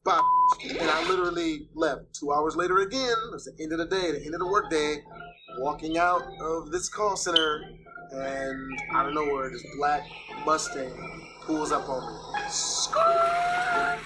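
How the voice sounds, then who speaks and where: A man narrating a profane comic story for an animated video. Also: a little high, moderate pace, over loud music, poor audio.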